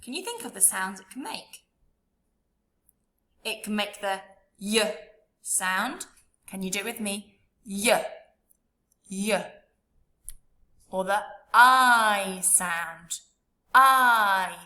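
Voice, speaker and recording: Slow, bright-voiced woman teaching phonics. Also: medium pitch, lively intonation, roomy sound. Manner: slow, drawn-out sounding out of letters with encouraging prompts. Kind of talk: children's phonics lesson.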